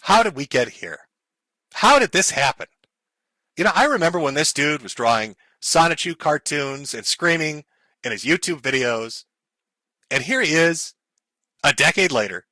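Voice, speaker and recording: A man's voice: on the high side, sharp tone, no echo. A man ranting and mocking on a live stream, swearing and sarcastic.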